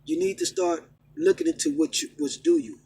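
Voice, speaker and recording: Man, middle-aged, high-pitched, emphatic casual rant, faint background noise. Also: wildly swooping pitch, brisk, gravelly, low-quality recording. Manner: emphatic, repetitive, swings from loud rant to low stern preaching. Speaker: vlogger preaching his faith.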